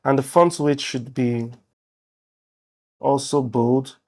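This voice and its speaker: A man speaking slowly at medium pitch narrates his typing in a screen-share coding tutorial, teaching web development in a relaxed, think-aloud manner.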